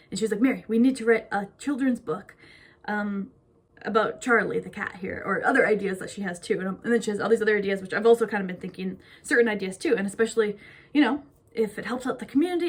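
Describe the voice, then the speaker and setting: A young woman from Minnesota chatting casually and bubbly to her phone camera, rambling with lots of fillers. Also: a little high. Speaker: vlogger. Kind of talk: casual chat.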